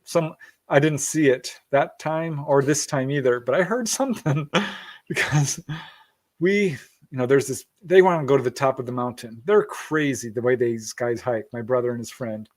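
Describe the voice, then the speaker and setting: This is a medium-pitched male voice at a moderate pace, belonging to a middle-aged podcast guest. He tells a story in a relaxed interview, performing the voices he quotes and laughing frequently.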